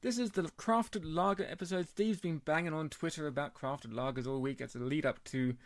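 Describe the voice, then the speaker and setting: A man co-hosting a beer podcast in casual chat, chatty and quick to laugh. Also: on the high side, no room sound, studio quality. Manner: chatty, laughs often, puts on joke accents. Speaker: podcast co-host.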